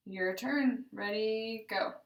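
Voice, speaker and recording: A woman leading a group voice exercise class, giving slow, deliberate, encouraging instructions. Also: on the high side. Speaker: voice therapy exercise leader. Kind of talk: guided speech exercise class. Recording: roomy sound from a distance.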